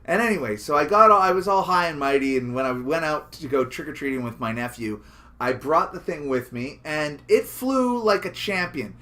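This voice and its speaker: This man co-hosts a casual podcast and tells his stories in a joking, animated way, with some swearing along the way. His voice sits a little high for a man. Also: moderate pace. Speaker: podcast co-host. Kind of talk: casual chat.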